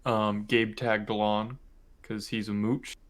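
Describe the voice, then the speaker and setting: A man's voice: lowish voice, little pitch movement, slow pace. A young man from Michigan, co-hosting a podcast, telling a family story in a rambling, casual way full of "like" and "um". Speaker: podcast co-host.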